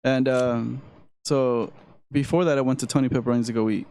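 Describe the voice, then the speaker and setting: A man's voice: mid-range voice, a little fast, clean tone. A young man co-hosting a casual podcast chat, telling a story in a loose, profane way. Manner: animated storyteller, swears freely, acts out quoted voices. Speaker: podcast co-host.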